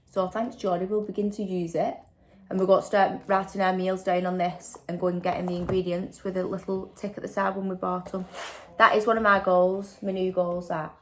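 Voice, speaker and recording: A woman's voice: fairly low pitch, flat delivery, brisk, a little hiss or hum. A woman, chatting casually in a vlog and tagging questions onto her sentences. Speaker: vlogger. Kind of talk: casual chat.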